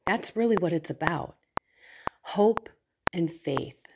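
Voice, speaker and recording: A middle-aged woman speaks slowly and earnestly in a low, gentle register, sharing a heartfelt personal reflection on faith. Steady background noise runs under her voice. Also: gravelly. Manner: earnest, heartfelt, slow and soft at times. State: tearful at moments. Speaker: faith coach and host. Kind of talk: personal spiritual reflection to camera.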